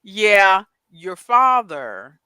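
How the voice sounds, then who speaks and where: A woman's voice: mid-range voice, sing-song, extremely slow, pushed and bright, clear, resonant tone, no echo. A middle-aged woman co-hosting a podcast over a video call, rambling chattily with many asides. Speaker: podcast co-host. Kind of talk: casual chat.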